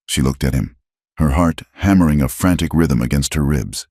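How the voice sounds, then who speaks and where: A man narrating a western romance story in a measured, dramatic storytelling style. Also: very deep voice, dark tone, breathy edge, dry recording, clean studio sound. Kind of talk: scripted narration.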